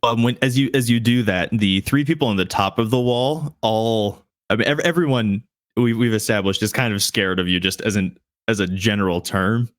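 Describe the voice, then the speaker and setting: Low-voiced halting game master man. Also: dry recording, clean studio sound. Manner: halting, with frequent restarts and fillers. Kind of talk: narrating a tabletop game.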